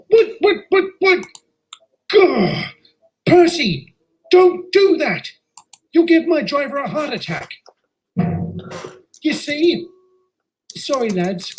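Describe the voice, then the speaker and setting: A man voicing an excitable young male train engine in a jumpy, eager way. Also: extremely high pitch, a little hiss or hum, voice pushed up, full character voice.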